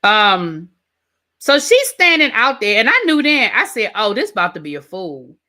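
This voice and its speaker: A woman hosting a live review, retelling scenes in a lively way and mimicking the people she describes. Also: medium pitch, moderate pace. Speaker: TV review channel host. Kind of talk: live rant and recap of a reality show.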